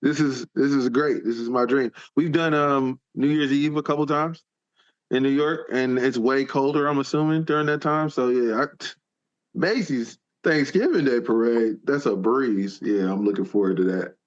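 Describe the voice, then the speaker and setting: A man's voice: medium pitch, moderate pace. A man on a casual podcast, talking in an enthusiastic, playful way. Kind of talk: casual roundtable chat. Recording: dull lo-fi sound.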